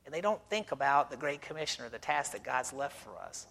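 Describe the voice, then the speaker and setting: A man's voice: mid-range voice, animated, a little fast, gravelly, fairly bright tone, big-room sound. A middle-aged man who is a missionary, preaching a sermon in a church and telling stories with rhetorical questions. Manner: conversational storytelling with rhetorical questions. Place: church sanctuary.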